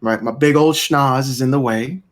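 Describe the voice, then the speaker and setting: A man's voice: mid-range voice, a little hiss or hum. Male co-host, playful teaser, earbud mic. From Florida, US. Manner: teasing, drawn-out delivery. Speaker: podcast co-host. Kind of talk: casual gaming podcast chat. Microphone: wireless earbuds.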